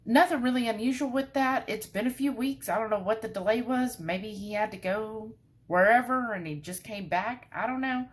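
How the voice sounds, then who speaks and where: A woman's voice: fairly high pitch, normal speed. A woman, casually telling a story to her vlog viewers and filling it with asides. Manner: animated, breathless storytelling with many asides. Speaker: vlogger.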